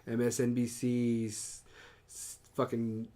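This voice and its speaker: Joking man, mid-pitched voice. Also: completely flat delivery, takes it slowly, mellow. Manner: joking asides to listeners. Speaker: podcast co-host. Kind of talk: casual chat.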